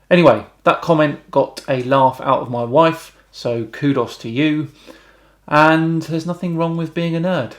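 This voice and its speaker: A British man hosting a YouTube channel, reading out viewer comments and answering them with wry, deadpan remarks. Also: a little high. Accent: British English. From Britain.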